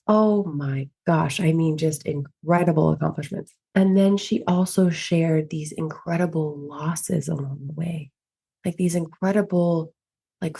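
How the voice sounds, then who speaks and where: A woman's voice: on the low side, gravelly, mellow, slightly rough. A woman in her thirties hosting a solo podcast, talking earnestly and emphatically with lots of filler words. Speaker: podcast host.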